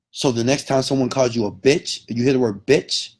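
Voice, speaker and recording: Emphatic, husky motivational speaker man. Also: medium pitch, moderate pace, few pauses. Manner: emphatic, keeps checking in with okay. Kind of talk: motivational lecture.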